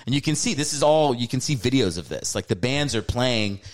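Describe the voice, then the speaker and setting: A man's voice: medium pitch, lively intonation, fairly quick. A man in his thirties hosting a podcast, chatting casually with his brother, laughing often and swearing as he tells stories. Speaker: podcast host, comedian. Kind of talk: casual chat.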